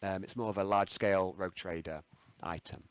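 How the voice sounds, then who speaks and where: A man with a lowish voice narrates as game master, describing shops and items. His delivery is relaxed and halting, with frequent ums. The recording is dry and close. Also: clear, resonant tone, no echo. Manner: relaxed, many ums and restarts.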